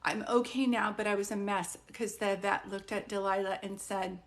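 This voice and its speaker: A woman's voice: mid-range voice, fairly even intonation, normal speed, few pauses. A woman psychic medium chatting casually and at length with viewers during a live stream. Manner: chatty and rambling, talking straight to viewers.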